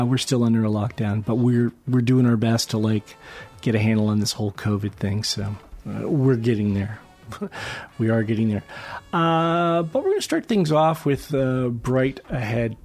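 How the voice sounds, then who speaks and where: A man's voice: lowish voice, darkish tone. A man hosting a radio show, chatting casually and rambling with lots of fillers and restarts. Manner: rambling, self-deprecating, many fillers and restarts. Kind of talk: casual radio chat introducing tracks.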